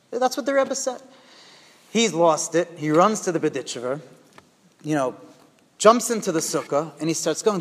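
Lively male storyteller-preacher, high voice, in a hall with long reverb. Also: normal speed, long pauses. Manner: animated, conversational storyteller. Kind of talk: storytelling sermon.

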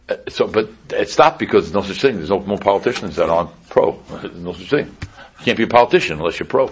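Teaching a relaxed Torah class, a rabbi speaks quickly in a deep, husky voice with a gravelly, fried edge rather than a clear one. His manner is conversational, and he keeps returning to pointed rhetorical questions.

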